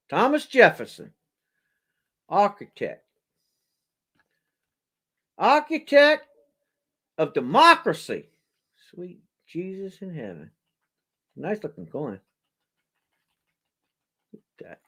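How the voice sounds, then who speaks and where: A man's voice: high voice, slightly rough. A man hosting a casual charity auction video, chatty and exclaiming as he shows coins to viewers. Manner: animated, chatty, exclaims and jokes aloud. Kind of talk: casual show-and-tell video.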